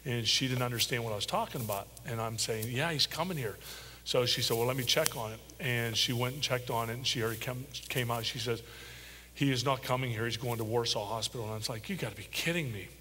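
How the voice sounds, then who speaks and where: A middle-aged father, as an interview guest, tells a personal story in a halting, heartfelt way with many pauses and ums. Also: medium pitch, pushed and bright. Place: large church hall. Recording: echoey church hall with faint hum.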